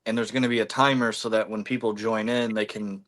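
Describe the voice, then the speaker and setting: A man's voice: fairly low pitch, flat delivery, brisk, fairly bright tone. A man hosting a casual livestream, rambling with many fillers and eating while he talks. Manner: chewing food while talking. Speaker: livestream host.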